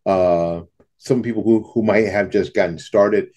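A man's voice: on the low side, fairly even intonation, a little slow, warm tone. A man teaching saxophone students in a casual, folksy talk to camera, often repeating himself and scatting rhythms aloud. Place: home studio in front of a backdrop.

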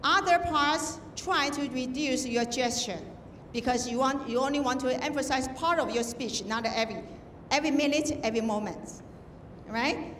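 High woman judge, echoey hall. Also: moderate pace, a bit bright, a little hiss or hum. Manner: instructive, demonstrating with examples. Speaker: contest judge. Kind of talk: feedback speech to students. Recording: echoey hall, distant mic.

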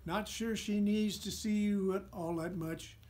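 A man's voice: high voice, steady tone, unhurried, darkish tone, pitched above the performer's own voice. A man voicing a giant male eagle who gives friendly advice, in a storybook reading. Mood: chatty. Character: giant male eagle, chatty, kindly counselor.

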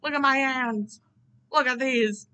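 A woman voicing a grumpy, quick-tempered bald male math teacher in his forties, indignant and threatening. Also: high voice, pushed and bright, poor audio. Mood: exasperated.

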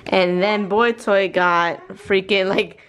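A woman filming a casual family vlog at home, talking excitably with gushing exclamations. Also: medium pitch, slow. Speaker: vlogger mom. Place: home living room.

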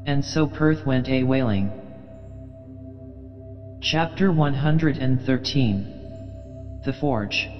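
Slow, measured male audiobook narrator. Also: mid-range voice, long reverb tail, highs cut off, soft background music. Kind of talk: scripted narration of a classic novel.

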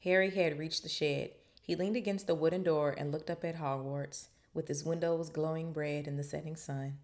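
A woman's voice: sits low, normal speed. A woman podcast host reading a novel aloud and breaking off for joking, slangy commentary. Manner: animated, joking asides in casual slang. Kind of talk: book reading with casual commentary.

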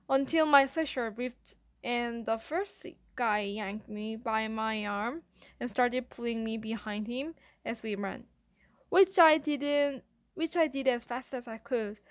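Lady reading a kids' novel aloud, kinda high voice, lively and breathless when the action picks up. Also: no echo. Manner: lively, breathless retelling of a chase. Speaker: audiobook narrator. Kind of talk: first-person storybook narration.

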